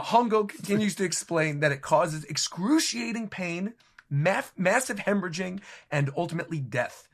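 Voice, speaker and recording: Brief: male podcast co-host, high gravelly voice, lively recap. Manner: animated, laughing storyteller. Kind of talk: casual recap chat.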